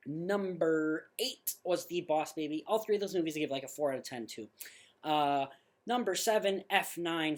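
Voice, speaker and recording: A man's voice: on the high side, a little mellow. Blunt, ranting male movie podcaster. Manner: stumbles and corrects himself. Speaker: podcast host. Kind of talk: casual movie review chat.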